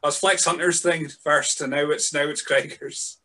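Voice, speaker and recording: Bright-voiced podcast host. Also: male voice, fairly high pitch, fairly even intonation, moderate pace. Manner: easygoing, sweary, hesitant with fillers. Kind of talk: casual podcast chat.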